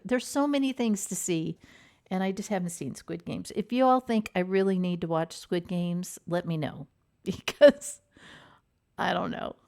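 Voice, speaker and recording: A woman hosting a relaxed chat show, speaking at an unhurried, easy pace. She rambles from thought to thought, often trailing off with fillers, soft laughs and sighs. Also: medium pitch, vocal fry, clear, resonant tone. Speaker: host. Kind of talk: casual chat about TV dramas.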